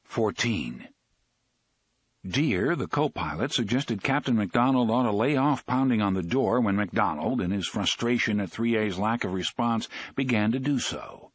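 Man, audiobook narrator, low husky voice, lively pitch, dry close sound. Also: normal speed, no echo.

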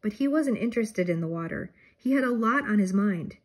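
An older woman reads a children's chapter book aloud at an even, steady pace. Her voice is husky, with a relaxed storytelling manner. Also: medium pitch, brisk. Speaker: storybook reader.

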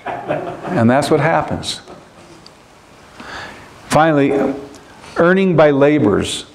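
A man's voice: fairly high pitch, big pitch swings, slow pace, gravelly, long pauses, a little hiss or hum. A man preaching a sermon as pastor in a church, earnest and emphatic, repeating his key points.

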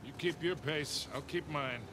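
An actor as a gruff older treasure hunter. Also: male voice, fairly high pitch, measured pace, background noise, natural voice. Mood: grumbling. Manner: blunt, grumbling. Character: gruff older male treasure-hunting partner. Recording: game audio over loud score.

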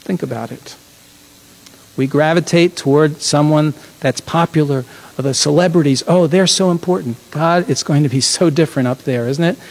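A man's voice: fairly high pitch, normal speed, a little mellow, rough recording. A man leading a congregation in a chatty, reflective sermon, often correcting himself mid-phrase. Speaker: congregation leader.

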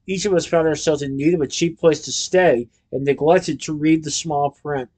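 A man's voice: a little high, fairly even intonation, moderate pace, a little mellow, lightly acted. Prim, precise older accountant, read by a male narrator; storybook. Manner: formal, fussy, precise.

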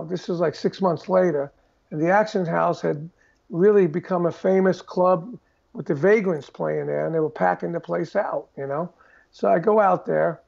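An older man, telling animated stories in a casual interview and acting out the voices of the people in them. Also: a little high, creaky, highs cut off. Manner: animated storyteller who acts out quoted voices. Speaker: guest drummer telling stories.

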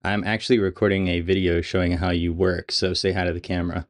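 A man's voice: low-pitched, level tone, fast. A man making a video, talking casually to an AI assistant with plenty of fillers and restarts. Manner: casual, hesitant, filler-heavy. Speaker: video creator. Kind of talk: casual demo chat.

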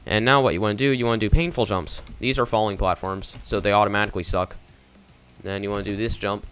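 A man's voice: on the low side, a bit bright. A young man casually talking through a game walkthrough in a rambling, offhand way. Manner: rambling, casual, easily confused. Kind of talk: casual gameplay commentary.

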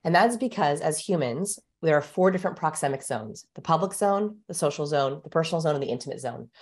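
Woman guest expert, somewhat low voice, brisk and emphatic explainer. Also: animated, darkish tone. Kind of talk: interview explanation.

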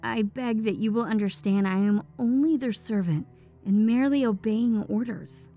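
A woman voicing an uneasy male visitor who speaks low, quiet and hesitant, in a storybook reading. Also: moderate pace, faint music behind, close to an everyday voice. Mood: formal.

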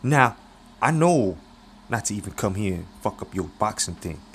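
A man voicing a smooth-talking, cocky male hustler with a high, slangy street voice and a swaggering manner. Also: very animated, moderate pace, a little hiss or hum.

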